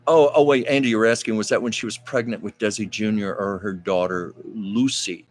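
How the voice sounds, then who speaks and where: A man's voice: lowish voice, fairly even intonation, fairly quick. Chatty male live-stream host. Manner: chatty, rambling, with frequent fillers and asides. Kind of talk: casual storytelling and reading viewer comments.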